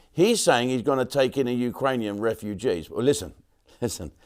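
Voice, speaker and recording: Older man, show host, comic rambling, sudden high mock voices, middling pitch. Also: lively intonation, moderate pace. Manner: jokey, swears, swoops up into high mock voices. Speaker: host of a live online show. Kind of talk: casual comic monologue.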